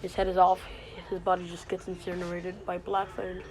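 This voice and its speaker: A woman's voice: lowish voice, completely flat delivery, normal speed, darkish tone, rough recording. A woman casually retelling a made-up fantasy story, rambling with many fillers, restarts and asides.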